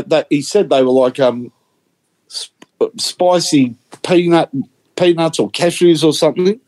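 A man's voice: a little high, a little mellow. A man telling a story in casual podcast chat, full of hesitations and restarts. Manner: chatty, hesitant anecdote teller.

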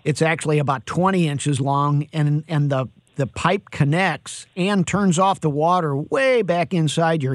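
This man's voice is medium in pitch with no echo as he talks into a studio mic, hosting a live radio call-in show about home repair. Upbeat and jokey, he chats along with plenty of "you know" fillers.

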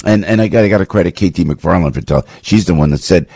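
A man hosting talk radio, rambling and animated, full of restarts and jokey asides. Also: low voice, fast, slightly rough, no echo. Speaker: radio host.

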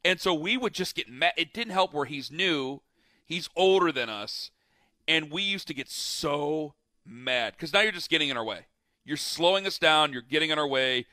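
A man's voice: a little high, lively intonation, moderate pace, sharp tone, no echo, studio quality. A man in casual chat, telling long rambling stories with lots of fillers and restarts.

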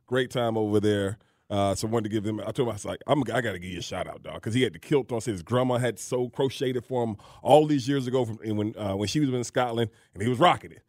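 A man co-hosting a sports radio show, telling stories in a playful, animated way with casual slang. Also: medium pitch, quick pace, dry recording, studio quality. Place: radio studio. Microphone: studio microphone.

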